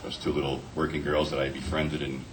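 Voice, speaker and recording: A man in his fifties, a panel guest, telling profane, animated anecdotes and acting out the quotes, picked up from a distance with faint noise. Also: extremely low pitch, fairly quick. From New Jersey. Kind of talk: casual convention panel storytelling. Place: convention panel room.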